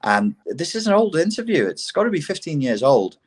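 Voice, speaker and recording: A man co-hosting a casual podcast conversation, talking in an animated way, swearing freely and building to indignant outbursts. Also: a little high, a little fast, breathy edge. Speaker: podcast co-host.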